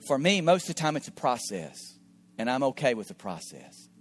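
A middle-aged man, a pastor, telling a story in an earnest sermon, often repeating his words and dropping into soft asides. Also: medium pitch, big pitch swings, a little fast. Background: faint guitar music.

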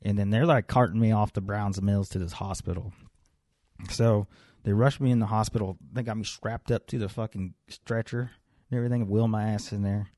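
A young man with a fairly low voice tells a rambling story, swearing often and acting out the people he met. The sound is close and dry, with no room echo. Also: fairly quick. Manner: profane, animated storyteller acting out dialogue. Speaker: podcast co-host. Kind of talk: casual podcast chat, telling a story.

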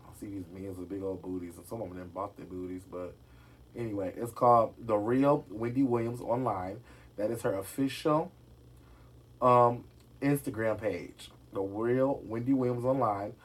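A man's voice: on the low side, moderate pace, breathy edge. A man chatting casually to his viewers about celebrity gossip, sassy and direct, often calling them "y'all". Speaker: gossip vlogger.

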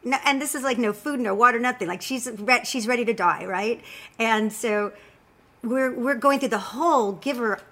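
A woman's voice: on the high side, moderate pace. A woman guest in casual chat, telling a personal story and acting out what others said. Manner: animated storyteller, acts out quotes.

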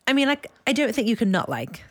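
A woman from England co-hosting a casual music podcast, chatty and quick to laugh. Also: a little high, sing-song, fairly bright tone, dry recording. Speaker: podcast co-host.

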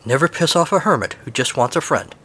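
A lonely old hermit, put on by a man reading a comic story, gets even in a wry, grudging voice pitched above his usual. He sounds petty and a little hurt. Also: fast talker.

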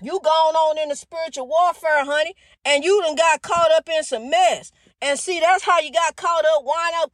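A woman with a high voice preaches to her podcast listeners, repeating herself and calling everyone honey. The sound is dry and close, with no room around it. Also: a bit bright, dry recording. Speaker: podcast host. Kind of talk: preachy monologue.

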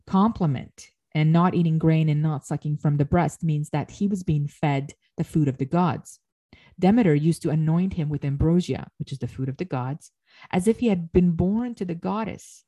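A woman lectures on an ancient myth, reading passages and explaining them as she goes. Her voice sits a little low with a warm, mellow tone, and she often stops to correct herself mid-phrase.

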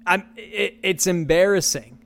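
Man riffing sarcastically, higher-pitched voice. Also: fairly even intonation, measured pace, vocal fry, a bit bright. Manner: sarcastic, incredulous, rambling. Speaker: podcast host. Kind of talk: casual commentary.

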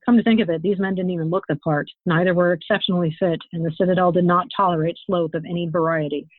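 A woman author reading her own fantasy novel aloud in a steady, expressive storytelling manner. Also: on the low side, fast, no room sound. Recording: tinny phone-like, dry sound.

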